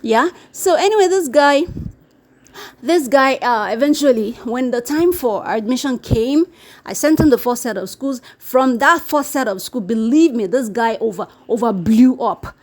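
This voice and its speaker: High-voiced woman chatting to camera. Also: moderate pace. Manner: animated, repeats words, mimics quoted people. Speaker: YouTube vlogger. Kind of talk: casual to-camera chat. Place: living in Brazil.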